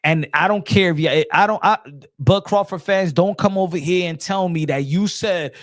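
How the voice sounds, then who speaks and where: A man's voice: high voice, moderate pace, dry recording, studio quality. A man hosting a boxing channel, talking in a casual, rambling monologue full of slang, restarts and emphatic repetition.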